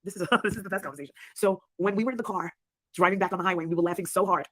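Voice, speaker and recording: A woman's voice: lowish voice, racing, fairly bright tone, dry recording. A woman hosting a casual livestream chat, blunt and swearing freely, often laughing. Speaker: livestream host.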